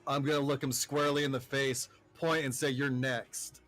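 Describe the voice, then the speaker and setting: Quiet guy playing dnd, stumbles a bit, music faint behind. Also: fairly high pitch, flat delivery, a little fast. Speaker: player. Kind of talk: casual tabletop play.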